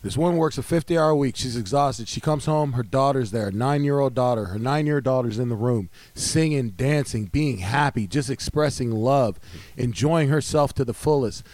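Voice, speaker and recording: A man's voice: mid-range voice, normal speed, a little mellow, dry recording. A man who is a comedian, talking on a podcast in an intense, profane way and retelling stories. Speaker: comedian guest. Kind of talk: casual podcast chat.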